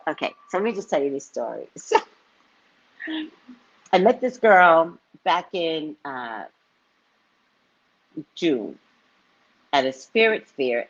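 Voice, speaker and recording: Husky, lively woman telling a story. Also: sits low. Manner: animated storyteller, laughs often, acts out quotes. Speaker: psychic reader and vlogger. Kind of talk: casual live-stream chat. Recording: dull lo-fi stream audio.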